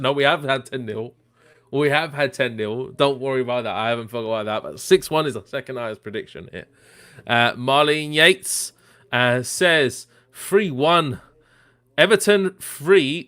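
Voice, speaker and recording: His mid-range voice is fairly bright and clean. He runs a football watchalong stream, keeping things chatty and loose, full of fillers, while reading viewer comments aloud, names and predictions included.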